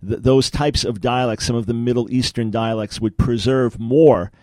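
A male radio host talking from his studio, with a dry, close sound and no room around the voice. He lectures emphatically and drives his points home with rhetorical questions. His pitch sits in an ordinary middle range. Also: steady tone, normal speed, dark tone, no room sound. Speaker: radio talk show host. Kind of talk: radio talk show teaching.

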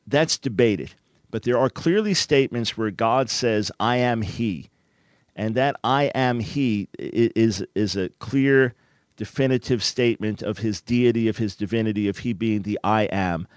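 A man's voice: mid-range voice, a little slow, no room sound. A man hosting a call-in radio show, explaining things in an earnest, emphatic way.

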